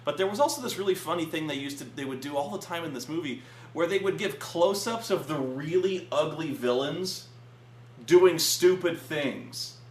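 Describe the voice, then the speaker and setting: A man reviewing a film in casual chat at a friend's house, animated and profane, stammering through restarts. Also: a little high, normal speed. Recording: echoey room with faint hum.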